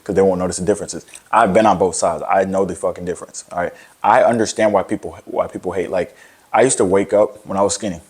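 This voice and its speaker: A man's voice: low voice, a little mellow, husky. A young man giving a blunt, profane motivational rant to camera about fitness, rambling with many restarts. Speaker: fitness content creator.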